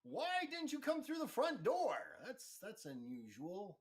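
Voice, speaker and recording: A man voicing a jovial, sly male station boss with theatrical, drawn-out words. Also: very high-pitched, wildly swooping pitch, voice pushed up, exaggerated voice.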